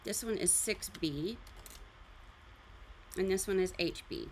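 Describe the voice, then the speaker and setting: In an art studio with slight background noise, a woman hosts a live drawing session, speaking slowly in a medium-pitched, a little mellow voice. She's chatty and rambling, explaining as she goes in this casual demonstration on an art livestream.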